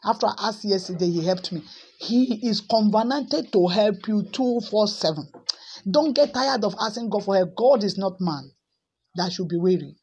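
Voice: mid-range voice, moderate pace, darkish tone, slightly rough. A preacher giving a repetitive, exhorting sermon and praying over listeners, breaking into tongues now and then. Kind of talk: sermon with prayer.

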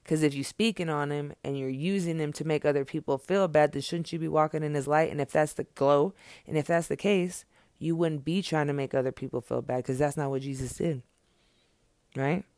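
Gravelly man in an angry rant. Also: a little high, steady tone, fairly quick, a little mellow, dry recording, studio quality. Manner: blunt, profane, preachy, with repeated phrases. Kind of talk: impassioned unscripted monologue.

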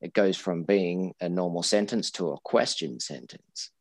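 A man's voice: low voice, measured pace, vocal fry, no room sound. A man who teaches English, chatting casually and explaining language points, often repeating and restarting his words. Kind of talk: casual educational podcast chat.

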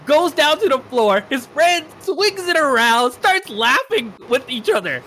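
A man casually telling a travel story on a podcast, animated and laughing as he talks. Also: extremely high pitch, measured pace, slight background noise. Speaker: podcast co-host.

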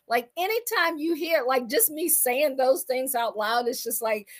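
A woman delivers a motivational sermon in a high voice. She is animated and keeps firing questions at her listeners. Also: a little slow, hardly any pauses. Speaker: faith and business speaker.

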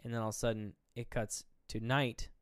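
A man's voice: mid-range voice, little pitch movement, a little fast, clear, resonant tone, no room sound, clean studio sound. A man co-hosting a podcast, talking casually about a movie and retelling its scenes in a rambling way. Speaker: podcast co-host.

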